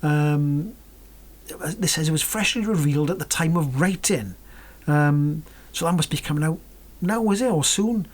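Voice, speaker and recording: Woman doing a car vlog, deep-ish husky voice, waffles on and whispers little asides. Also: a little slow. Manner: rambling, chatty, self-correcting, with whispered asides. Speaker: car vlogger. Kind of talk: casual chat about cars.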